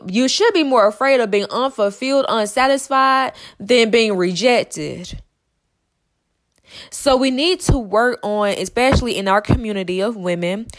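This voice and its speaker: A young woman hosting a podcast, talking fast and emphatically in a monologue, repeating herself and stumbling over words. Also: fairly high pitch. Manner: emphatic and repetitive, fast with stutters. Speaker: podcast host.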